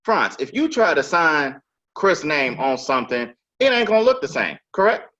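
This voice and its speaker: A man's voice: a little high, big pitch swings, normal speed, pushed and bright. A man hosting a podcast, telling a work story in casual, emphatic and profane chat. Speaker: podcast host. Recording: dull lo-fi sound.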